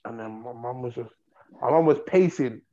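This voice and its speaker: A young man telling a long story in a rambling, animated way, repeating himself. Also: medium pitch, normal speed, lo-fi sound. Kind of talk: casual storytelling.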